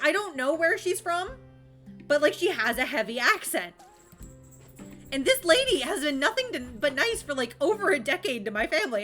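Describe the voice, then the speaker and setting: A woman's voice: on the high side, a bit bright. A young woman from Florida chatting casually while streaming a game, rambling, laughing often and swearing freely.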